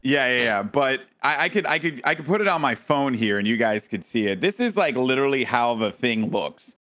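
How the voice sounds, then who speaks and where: Male podcast co-host, mid-range voice, casual and animated storyteller who swears freely. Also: mid-range voice, brisk. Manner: animated, dramatic retelling with frequent restarts and swearing.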